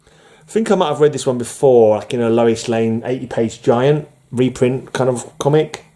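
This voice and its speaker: Male comic collector vlogging from home; mellow, rambling, chatty. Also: mid-range voice, normal speed. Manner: rambling, chuckling, many fillers. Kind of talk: casual chat showing comics. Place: room at home under fluorescent light.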